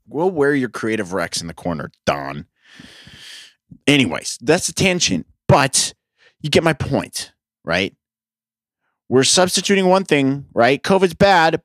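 A man's voice: mid-range voice, no echo, studio quality. A young man hosting a podcast, telling rambling, profane, self-mocking stories in a sarcastic casual monologue. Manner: sarcastic storyteller. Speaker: podcast host.

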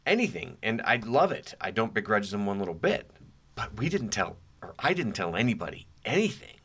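A man's voice: fairly low pitch, very animated, a little fast, fairly bright tone, breathy edge. A middle-aged man hosting a podcast, talking through his memories in a reflective, conversational way with wry asides. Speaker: podcast host. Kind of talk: casual monologue.

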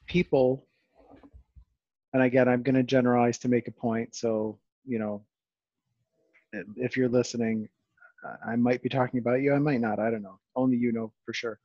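A man's voice: mid-range voice, steady tone, moderate pace, long pauses, a little mellow, no room sound. A man hosting a casual podcast, talking in a rambling, self-deprecating way with lots of restarts. His voice is recorded close and dry, with no room sound. The audio is a little dull and lo-fi. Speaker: podcast host.

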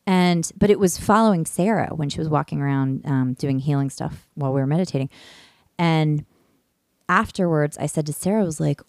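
Lower-voiced woman telling a casual story. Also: fairly quick, dry recording, studio quality. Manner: animated, laughing, swears freely, trails off and restarts. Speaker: podcast host.

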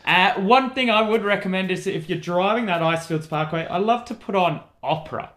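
A man co-hosting a casual travel chat, telling stories in a relaxed, easygoing way. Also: high voice, fairly quick. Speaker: podcast co-host, travel guide.

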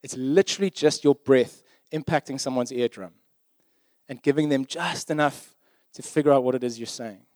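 A man's voice: mid-range voice, moderate pace, darkish tone, no room sound. A man preaching a sermon in a conversational, emphatic way, often checking in with his listeners.

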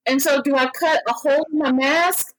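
A woman's voice: high voice, steady tone, moderate pace, low-quality recording. A woman co-hosting a casual chat, blunt and frank with a teasing edge. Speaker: podcast co-host.

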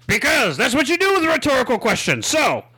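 A man voicing a loud, theatrical pirate-like host who shouts and sings. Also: extremely high pitch, huge pitch swings, fast talker, slightly rough, exaggerated voice. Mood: indignant. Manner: shouting, sing-song, theatrical.

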